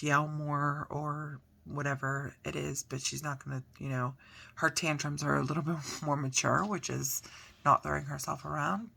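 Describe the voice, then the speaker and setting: A woman's voice: low voice, vocal fry, bright, forceful tone, husky. A woman in her thirties, a mother telling a personal story in a chatty, earnest vlog, with many fillers. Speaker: mother documenting a diet change.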